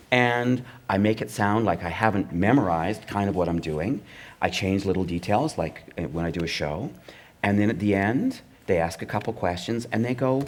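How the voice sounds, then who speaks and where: A middle-aged man from Canada, a comedy writer telling stories in a live onstage conversation, dry and wry, acting out the voices of others. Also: on the low side. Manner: wry, anecdotal, acts out the voices of network executives. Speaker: comedy writer and performer, guest.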